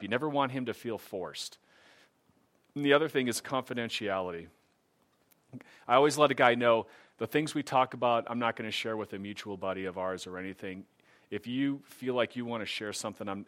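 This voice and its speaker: Speaking briskly at a medium pitch with a fairly bright tone, a middle-aged man gives an earnest, casual account of his faith. He becomes more animated when quoting other people.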